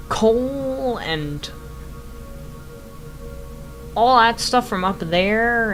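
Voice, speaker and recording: A young woman game streamer with a somewhat low, slightly bright voice talks casually over her gameplay on a rough recording. Laughter comes often as she reacts with amused incredulity to something she built before.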